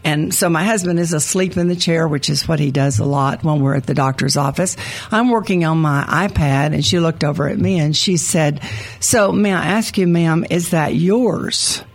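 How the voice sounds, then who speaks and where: An older woman, an educator, chatting and telling a story with animated quoted lines. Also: low voice, brisk. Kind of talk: conversational storytelling.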